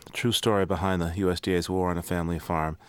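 A man conducts a broadcast interview in a measured, probing way. His voice sits fairly low. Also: fairly even intonation, clear, resonant tone, dry recording.

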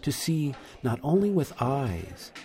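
A man narrating a radio news feature as a reporter, in a measured, reflective way. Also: medium pitch, sing-song, dark tone.

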